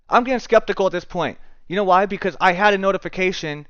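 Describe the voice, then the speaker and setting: A man's voice: high-pitched, fast, hardly any pauses, a bit bright, no echo, highs cut off. A man streaming a chess game live, muttering to himself and swearing in frustration as he plays. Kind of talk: live gaming commentary.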